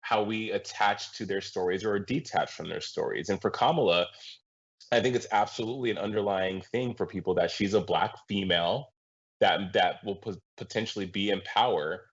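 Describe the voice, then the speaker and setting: A male guest commentator on a political talk show, speaking in an impassioned, halting way with many restarts. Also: on the low side. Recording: muffled lo-fi audio.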